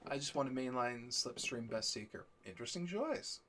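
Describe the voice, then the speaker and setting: A man co-hosting a stream, telling stories in a casual chat, animated, often laughing and acting out what people said. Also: medium pitch, normal speed. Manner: animated storyteller, laughs often, acts out quotes. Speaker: stream co-host.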